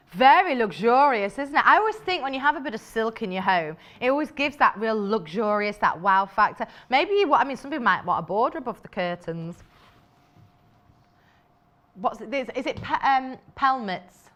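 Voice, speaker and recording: A woman's voice: fairly high pitch, expressive, moderate pace, fairly bright tone. Chatty woman presenting on a shopping channel. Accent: British English. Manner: chatty, enthusiastic, many fillers and asides. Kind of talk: live sales presentation.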